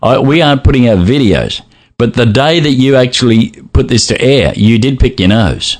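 A man hosting a podcast in casual chat, animated and often laughing as he reads messages aloud. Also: medium pitch, normal speed. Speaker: podcast host.

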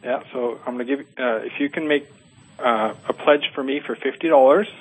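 A man, calling in to a show and chatting casually, halting with fillers and restarts. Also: mid-range voice, breathy edge, low-quality recording. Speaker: caller. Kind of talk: casual phone-in chat.

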